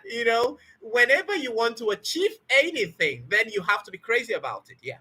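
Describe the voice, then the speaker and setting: A woman's voice: a little high, big pitch swings, brisk, few pauses, pushed and bright, husky. A woman teaching spoken English in an emphatic motivational talk, repeating key words and asking rhetorical questions.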